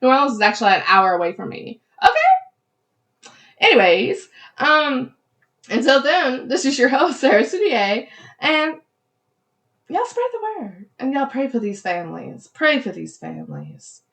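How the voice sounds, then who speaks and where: A woman's voice: high voice, moderate pace. Chatty Southern Louisiana woman host. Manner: chatty, animated, heavy use of "y'all". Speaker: podcast host. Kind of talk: casual podcast monologue.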